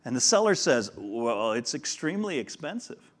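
A man's voice: mid-range voice, normal speed. A man preaching a sermon, explaining a parable and acting out the dialogue of a modern retelling. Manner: animated storyteller acting out dialogue. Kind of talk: sermon with storytelling.

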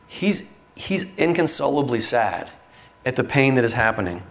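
Middle-aged guy preaching, earnest and chatty, lots of ums, mid pitch voice. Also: fairly bright tone. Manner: earnest, conversational preaching with fillers. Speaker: pastor. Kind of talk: sermon.

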